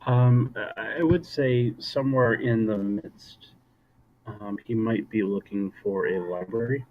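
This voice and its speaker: Man, tabletop player, slow hesitant speech, fillers, dull lo-fi call audio, faint hiss. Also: on the low side. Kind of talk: playing a tabletop game over a voice call. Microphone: voice call, cutting in and out.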